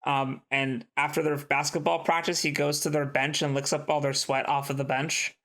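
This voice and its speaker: A man co-hosting a podcast, casually retelling film plots in a rambling, animated way. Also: on the high side, moderate pace. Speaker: podcast co-host. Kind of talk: casual chat.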